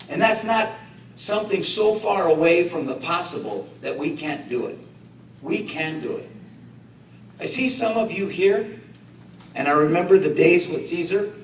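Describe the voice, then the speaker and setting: Impassioned middle-aged man, high-pitched, echoey. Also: slight background noise. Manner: impassioned, rhetorical, with joking asides. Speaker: guest speaker. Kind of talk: political speech to a community gathering. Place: indoor community meeting. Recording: echoey room, voice picked up from a distance.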